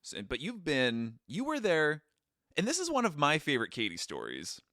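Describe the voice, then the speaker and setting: Podcast co-host: a man, jokey and self-mocking, very lively pitch and a bright tone, dry close sound. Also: moderate pace, no room sound. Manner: joking, animated, self-deprecating. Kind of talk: casual chat.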